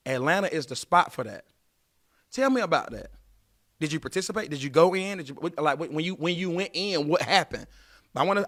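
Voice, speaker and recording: Animated high-voiced man giving advice. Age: late 30s. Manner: animated, preachy, addresses listeners directly. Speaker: podcast host giving dating advice. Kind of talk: casual advice monologue.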